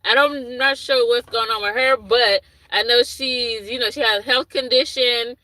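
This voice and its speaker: Chatting casually on a livestream, a woman with a young son reads and answers chat comments aloud, wandering off and losing her thread. Her voice is on the high side, steady and sharp in tone, at a normal speed, and the recording is rough.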